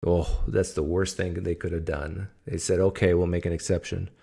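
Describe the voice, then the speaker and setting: A man's voice: low voice, little pitch movement, normal speed, vocal fry, dark tone, slightly rough. A man from Canada hosting a casual livestream, telling stories in a joking, teasing way. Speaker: host.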